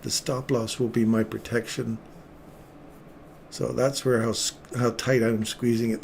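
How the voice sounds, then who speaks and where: A middle-aged man giving excitable, self-mocking live commentary on his own trades as he makes them. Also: mid-range voice, slight background noise.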